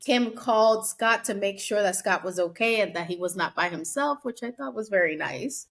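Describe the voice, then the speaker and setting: A woman co-hosting a casual podcast, recapping a reality show and acting out quotes in lively voices. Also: medium pitch, normal speed, gravelly. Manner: chatty, acts out quotes in animated voices. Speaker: podcast co-host.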